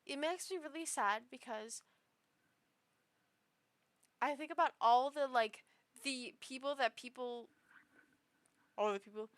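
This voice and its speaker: A woman's voice: high-pitched, slow pace, long pauses, bright, forceful tone, dry recording. A tipsy woman rambling emotionally with many restarts while giving casual reaction commentary on online posts. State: tipsy after two shots. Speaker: streamer reading online posts.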